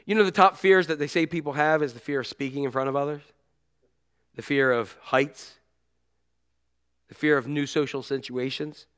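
Man, middle-aged, pastor, sermon, high voice, smooth resonant tone, animated storytelling. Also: normal speed, long pauses. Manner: animated storytelling, shouting out quoted cries.

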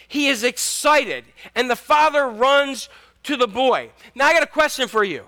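A man's voice: very high voice, sing-song, moderate pace, bright, forceful tone. A man in his fifties preaching a sermon in a casual, jokey way, restarting often. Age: 50s. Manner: conversational, jokey, many restarts. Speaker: pastor.

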